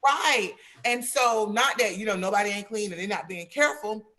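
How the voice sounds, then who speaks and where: A woman's voice: mid-range voice, normal speed, a crowd in the background. A woman speaks on a video call as a panelist, giving advice in an emphatic, preachy, plain-spoken way. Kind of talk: earnest advice in an online panel.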